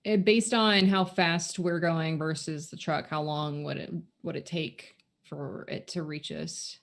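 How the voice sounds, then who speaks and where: A woman playing a tabletop game, asking deliberate questions. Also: sits low, steady tone, vocal fry. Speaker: player.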